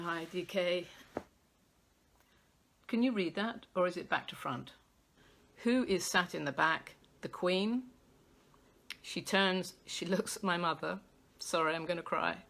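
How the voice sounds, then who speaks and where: A woman's voice: fairly low pitch, gravelly, fairly bright tone. A British woman hosting a live poetry stream, chatting in a rambling, self-deprecating way and reading her own poems.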